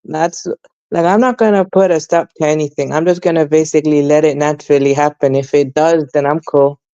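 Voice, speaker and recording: Young London man, college age, guest in a casual chat, flat delivery, muffled and dry. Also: fairly high pitch, brisk, clear, resonant tone, dry recording. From England. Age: young adult. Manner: rambling, repeats fillers like "basically" and "though".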